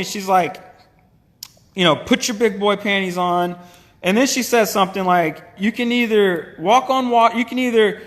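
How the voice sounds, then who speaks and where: A man telling a casual faith story about starting a small business, animated and full of restarts as he acts out past conversations. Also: high-pitched, in a large hall.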